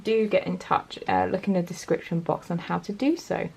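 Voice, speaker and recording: A woman's voice: lowish voice, steady tone, normal speed, creaky, darkish tone, husky. A woman giving a casual pick-a-card tarot reading, chatty and encouraging as she talks straight to her viewers. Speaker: tarot reader.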